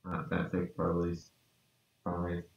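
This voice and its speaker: A man with a very low voice talks slowly and half to himself while he draws. The sound is echoey and dull, and he is set back from the mic. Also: monotone, creaky, distant mic. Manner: mutters to himself while working, low-key. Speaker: podcast co-host. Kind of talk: casual chat while drawing.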